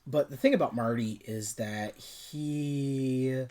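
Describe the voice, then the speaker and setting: A man co-hosting a casual film podcast, speaking at an average pitch for a man. He rambles a little, drifting between personal asides and the plot, and fills gaps with easy verbal fillers. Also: takes it slowly, dark tone. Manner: chatty, loose, trails off with fillers. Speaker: podcast co-host. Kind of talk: casual movie review chat.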